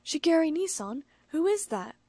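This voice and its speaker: A timid, apologetic young man stammers his lines in a soft, anxious voice, performed by a woman narrating an audiobook. He is easily flustered and a little high-pitched, on a close, dry recording. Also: sing-song, normal speed, no echo. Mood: nervous. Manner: nervous, stammering.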